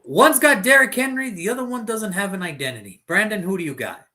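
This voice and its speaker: Male co-host, joking sports picks, very lively pitch. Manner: animated, swears, quick jokes. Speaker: podcast co-host. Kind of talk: casual sports chat.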